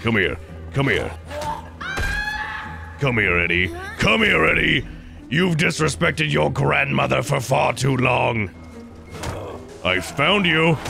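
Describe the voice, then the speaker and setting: A man voicing a spiteful, vengeful old grandmother in a video game with a creaky, cackling manner. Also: medium pitch, full character voice. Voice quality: creaky, crackly old-lady voice. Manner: drawn-out taunting, cackling.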